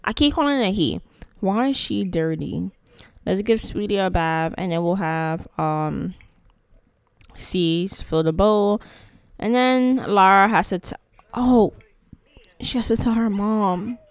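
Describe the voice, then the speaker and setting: Woman host, casual gameplay chatter, playful and slangy; smooth voice, dry close mic. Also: medium pitch, slow pace, no echo. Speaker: gaming channel host.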